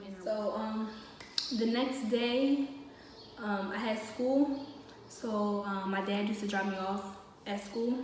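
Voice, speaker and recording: Woman, casual storytime vlog, chatty, lots of fillers, mid-range pitch, heavy room echo. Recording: very echoey room, distant mic, faint noise.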